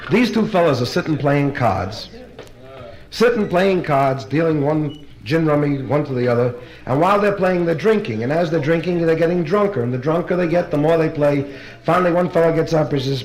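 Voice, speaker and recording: A male stand-up comic working a club crowd, his voice sitting a touch high for a man. He rattles off gags briskly and lands each punchline with practiced timing. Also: animated. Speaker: stand-up comedian. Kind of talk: nightclub stand-up routine. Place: live club show before an audience. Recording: live LP recording with distant crowd laughter.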